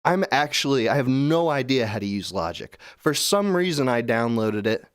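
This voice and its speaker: A man's voice: mid-range voice, very animated, normal speed, clean tone, no echo, clean studio sound. A man hosting a call-in show, ranting in a cynical, profane, rambling way. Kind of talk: casual rant.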